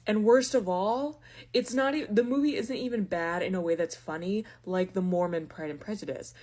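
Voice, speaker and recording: A woman's voice: mid-range voice, normal speed. Young woman ranting sarcastically. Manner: animated, sarcastic, exasperated rants with sudden loud outbursts. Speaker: book and film reviewer. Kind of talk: casual ranting review monologue.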